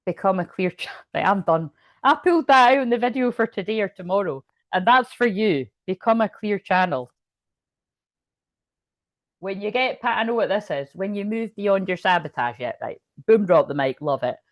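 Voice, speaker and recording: A woman's voice: medium pitch, lively intonation, a little fast, dry recording. A woman doing a casual tarot reading as a psychic medium, talking in a rambling way, breaking off mid-sentence and laughing often, with hiccups. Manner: rambling, self-interrupting, chatty with frequent laughs.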